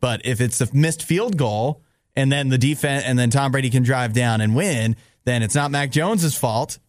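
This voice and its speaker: A man's voice: medium pitch, moderate pace, no echo. Joking radio guy chatting, opinionated, dry close mic. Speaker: radio co-host. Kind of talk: casual chat.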